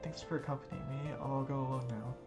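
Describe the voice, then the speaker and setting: A man's voice: medium pitch, fairly even intonation, brisk, natural voice. A man voicing a cold, bitter teenage girl who talks in curt, cutting lines. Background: background game music.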